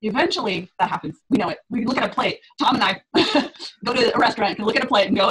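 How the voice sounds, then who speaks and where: A woman's voice: mid-range voice, fast talker, fairly bright tone, a little hiss or hum, rough recording. A middle-aged woman fitness coach on a group call, talking in a chatty way, laughing often and acting out her clients' reactions.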